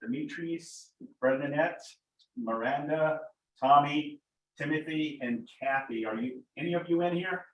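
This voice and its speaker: A man's voice: fairly high pitch, a little slow, lo-fi sound, slight background noise. A man hosting a team meeting, making upbeat announcements and welcoming newcomers. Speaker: meeting host. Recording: echoey room, far from mic.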